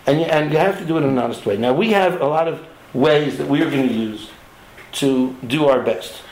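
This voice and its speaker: A man's voice: on the high side, a little mellow, reverberant, rough recording. A man who runs a diamond trading network, making an impassioned, emphatic appeal to its members to stay honest.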